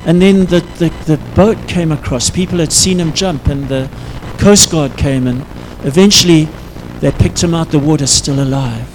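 A man preaching a sermon, telling a story in an earnest, halting way that often sinks to a quiet intensity. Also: fairly high pitch, a little hiss or hum, poor audio.

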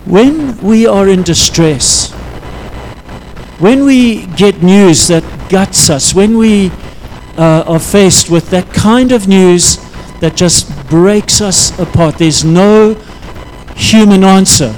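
A man preaching a sermon, telling a story in an earnest, halting way that often sinks to a quiet intensity. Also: high voice, a little hiss or hum, low-quality recording.

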